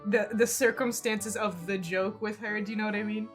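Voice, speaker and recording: A chatty woman gaming on a livestream, rambling candidly over the game. Her voice sits at an ordinary middle pitch, and she swears now and then. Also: steady tone, moderate pace, over music. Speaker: streamer. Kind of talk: casual let's-play commentary.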